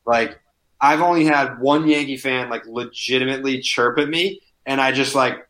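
A man chatting casually as a podcast guest, telling animated stories, swearing freely and saying "like" constantly. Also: medium pitch, moderate pace. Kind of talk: casual chat, storytelling.

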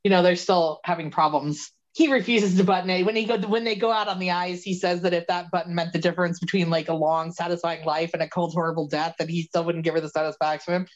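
A woman co-hosting a podcast, recapping a movie in casual chat, animated and laughing as she quotes the characters. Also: fairly low pitch, fast, hardly any pauses, dull audio. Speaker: podcast co-host.

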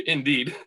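A man casually telling a rambling golf caddy story on a podcast, full of restarts and asides. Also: bright, forceful tone.

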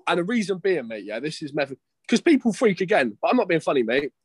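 Young man, rapid rambling chat, sweary, fairly high voice, dry close sound. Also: sing-song, breathy edge, no room sound. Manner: rambling, sweary, peppers speech with "mate" and "bro". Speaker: guest, competing bodybuilder. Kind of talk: casual chat.

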